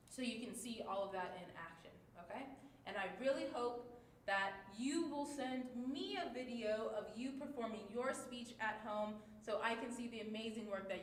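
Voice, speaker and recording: A woman teaching a livestreamed class, encouraging and marking the tone for each line. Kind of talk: livestreamed class, reading aloud. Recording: echoey room with faint rumble.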